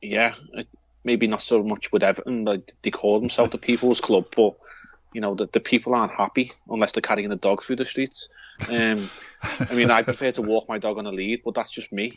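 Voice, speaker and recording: Co-hosting a football podcast, this Liverpool-accented man talks casually about football, rambling and restarting his sentences often. His voice is lowish, steady and fairly quick, with no echo in the recording.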